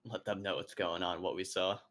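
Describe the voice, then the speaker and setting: A man's voice: low voice, level tone, fairly quick, a bit bright. A man playing in a tabletop game, talking in a casual, matter-of-fact way. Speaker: player.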